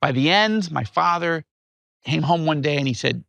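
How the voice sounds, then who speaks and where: A man in his fifties from upstate New York, telling his life story as an interview guest in an animated way. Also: a little high, moderate pace, creaky, no echo. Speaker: guest author.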